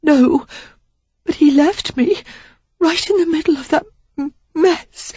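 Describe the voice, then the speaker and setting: A woman reading a romance novel and voicing a young gentlewoman who is crying, gasping and breaking off her words. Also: high-pitched, takes it slowly, no room sound, pitched above the performer's own voice. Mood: tearful. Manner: tearful, gasping, breaking off mid-word. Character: young gentlewoman, weeping and ashamed. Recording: dull, dry audiobook recording.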